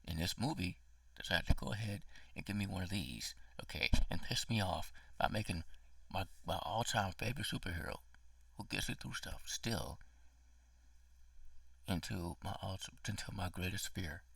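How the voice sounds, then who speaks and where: A man's voice: deep voice, normal speed, vocal fry, fairly bright tone, slightly rough, no room sound, recorded from a distance. A man giving a casual spoken movie review, ranting with emotion and profanity, sometimes dropping to a whisper.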